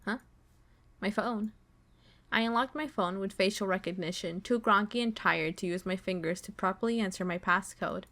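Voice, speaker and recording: A woman streamer reads a visual novel's story text aloud in a slow, dramatic voice at an ordinary middle pitch. She stops now and then to swear and react to the story. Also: a bit bright. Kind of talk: reading game text aloud with live reactions.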